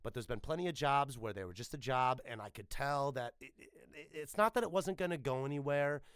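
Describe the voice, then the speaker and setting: A man's voice: mid-range voice, a little fast, a bit bright, clean tone, no echo, studio quality. A man, a voice actor, talking casually and emphatically in an interview, swearing freely. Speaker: voice actor guest.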